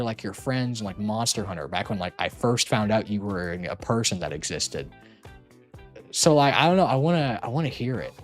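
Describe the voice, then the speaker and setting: A streamer chatting casually on a call, rambling and teasing playfully with lots of filler words. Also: mid-range voice.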